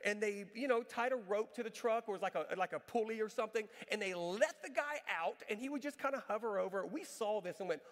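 A middle-aged man preaching a sermon, telling a funny personal story with animated energy and then pressing his point with emphatic questions. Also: high-pitched, quick pace, few pauses. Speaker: pastor. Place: church sanctuary. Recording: long reverb of a large church hall.

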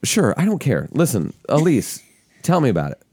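A man's voice: mid-range voice, huge pitch swings, moderate pace, darkish tone, breathy edge, no echo. A man hosting a casual family podcast, playful and teasing, asking his kids lots of questions. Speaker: podcast host and father.

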